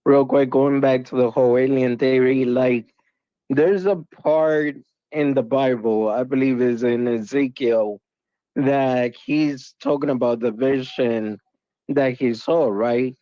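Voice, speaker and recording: A man speaks slowly in loose, slangy chat, his tone dark and mellow. The dry, muffled lo-fi call audio dulls his voice. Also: medium pitch, fairly even intonation, no room sound. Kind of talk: casual group call chat.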